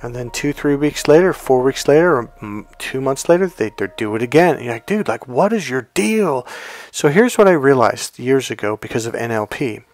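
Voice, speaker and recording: A man's voice: mid-range voice, expressive, fairly quick, few pauses. A man in a life coach role, talking through an example in a casual teaching monologue and acting out the quoted dialogue. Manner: conversational, acts out quoted dialogue.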